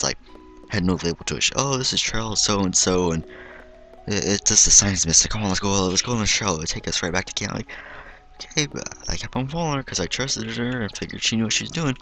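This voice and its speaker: A man with a deep, low voice telling a story from his own life in a loose, rambling way. He leans on "like" and "and stuff like that" and gets animated when he quotes himself. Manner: rambling, heavy use of "like" and "and stuff like that". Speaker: vlogger telling a personal story. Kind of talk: casual storytelling.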